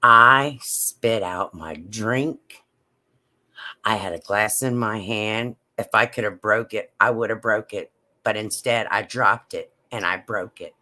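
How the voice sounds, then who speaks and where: A woman telling a personal story in a slow, halting, emotional way. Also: rumbling low, pushed and bright. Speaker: vlogger.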